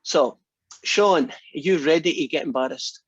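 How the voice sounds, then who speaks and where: A man's voice: fairly high pitch, a little slow, breathy edge, dry recording, lo-fi sound. A Scottish man giving a math lecture in a classroom, chatty and often restarting his sentences. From Scotland.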